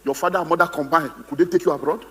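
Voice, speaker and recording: A man's voice: fairly high pitch, fairly even intonation, racing, a bit bright, long reverb tail. A man with a Nigerian English accent, giving a humorous, theatrical seminar talk as a motivational speaker, acting out the voices he quotes. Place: conference hall on stage.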